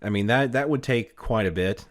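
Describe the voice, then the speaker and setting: A man's voice: fairly low pitch, normal speed. A man co-hosting a comedy podcast, chatting casually with lots of fillers, restarts and frequent laughter. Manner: laughs often, rambling with many fillers. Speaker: podcast co-host.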